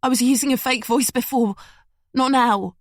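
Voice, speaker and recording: A woman voicing a frightened young female captive with a London accent, pleading in a high, tearful voice. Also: normal speed, dry recording, clean studio sound, lightly acted. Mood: urgent.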